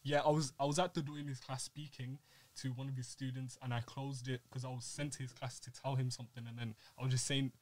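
A young man, telling a school story in a lively, joking way during a casual chat among friends. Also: mid-range voice, fast talker. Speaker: podcast co-host.

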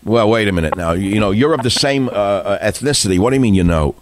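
A man's voice: on the low side, expressive, fast talker, dry recording. An older man hosting a talk radio show, delivering opinionated monologues full of rhetorical questions and taking callers. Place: radio studio. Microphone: studio microphone.

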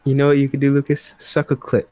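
A man's voice: mid-range voice, completely flat delivery, fast, darkish tone. A young man co-hosting a casual podcast, teasing his friend with slangy, laughing banter. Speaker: podcast co-host.

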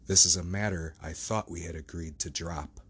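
A man's voice: deep voice, moderate pace, fairly bright tone, breathy edge, pitched below the performer's own voice. A man reading a troubled, pleading doctor. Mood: evasive. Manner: earnest, pleading. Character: troubled, evasive gentleman doctor.

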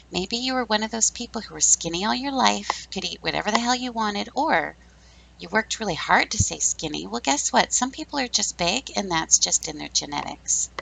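A woman in her fifties talks through her opinions in a blunt, sarcastic, chatty way. Her voice is full of gravelly fry. A faint hiss sits under the recording. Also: mid-range voice. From Canada. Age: 50s. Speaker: podcast host. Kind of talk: casual opinion monologue.

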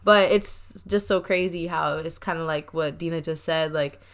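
A woman's voice: sits low, fairly even intonation, normal speed. A young woman hosting a casual chat, talkative and laughing often, with a habit of saying y'all. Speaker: podcast host.

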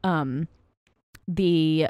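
Smooth-voiced chatty woman, low-pitched. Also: drawn-out words, dark tone, no room sound, clean studio sound. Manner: chatty, gushing, emphatic. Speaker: podcast co-host. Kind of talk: casual chat about a film.

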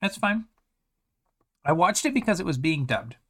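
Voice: mid-range voice, sing-song, moderate pace, husky. An anime reviewer talking casually, rambling with many restarts and sarcastic asides.

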